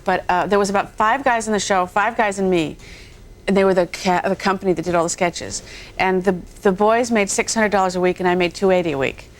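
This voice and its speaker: A woman's voice: mid-range voice, fairly quick. A woman in her forties, a guest actress on a talk show, telling rambling anecdotes with self-deprecating laughs.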